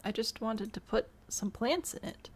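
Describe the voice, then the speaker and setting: A woman's voice: fairly high pitch, lively intonation, normal speed, a little hiss or hum. A woman live-streaming a building game, chatty and self-amused as she talks to her chat while she builds. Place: home room.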